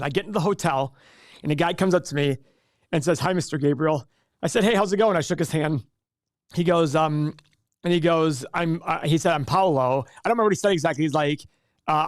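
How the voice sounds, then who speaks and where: A man in his forties talks in a rambling, easygoing way as a livestream host, answering viewer comments. His voice sits a little high for a man. The sound is dry and close. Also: no echo. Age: 40s. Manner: chatty, rambling, reads chat aloud. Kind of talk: casual livestream chat.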